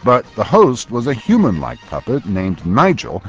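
A male news reporter giving a scripted narration of a feature, measured and a little wry. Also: medium pitch, huge pitch swings, dull audio, faint music behind.

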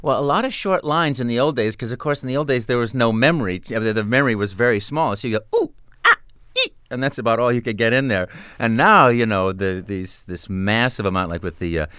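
A man's voice: medium pitch, fast talker, hardly any pauses, fairly bright tone, smooth, no echo, studio quality. A man, a video game voice actor, talking animatedly as a guest in a radio interview and slipping into character voices.

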